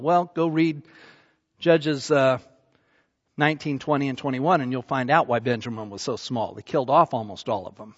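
A man preaches with a high, lively voice, slipping into casual voices for the people in the story. His sermon rings in a big hall with a long tail of reverb. The sound is a little dull and lo-fi. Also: normal speed. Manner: animated storytelling, acting out voices of the scripture figures in casual speech.

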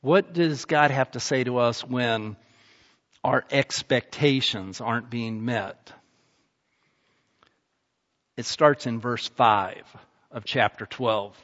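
A man's voice: medium pitch, slow, long pauses, fairly bright tone. A male pastor preaching a sermon in a conversational, emphatic way, repeating phrases for stress. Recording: muffled sound with long reverb in a large hall.

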